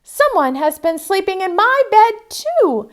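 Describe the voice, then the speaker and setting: A woman's voice: very high voice, big pitch swings, unhurried, voice pushed up, full character voice. A woman voicing a fussy mother polar bear who huffs and growls in a storybook read-aloud. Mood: huffy. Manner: huffing, growling.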